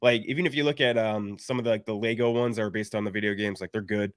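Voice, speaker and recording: A man co-hosting a movie podcast, with a deadpan fake ad read that turns into relaxed, opinionated chat. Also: fairly low pitch, fast, dry recording, studio quality. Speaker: podcast co-host.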